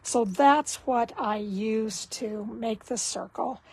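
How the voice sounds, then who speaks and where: A woman giving a casual card-making tutorial, talking slowly and thinking aloud as she works. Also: fairly high pitch, breathy edge, dry recording, rough recording.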